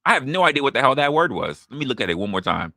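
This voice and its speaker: At a medium pitch and a very fast clip, the man comes through clean, studio sound with no echo. He's a podcast host running a live stream, drinking, answering chat, and telling an animated, swear-filled story in which he acts out the characters' lines.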